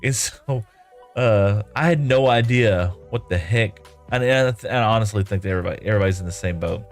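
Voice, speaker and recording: A man's voice: on the low side, brisk, soft background music. A man live-streaming a game, chatting casually and reading viewer comments in a rambling, easygoing way, often laughing.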